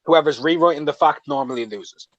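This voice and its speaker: A man talking as a guest in a casual chat, explaining his points in a measured way with some hesitation. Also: fairly high pitch, dry recording, lo-fi sound.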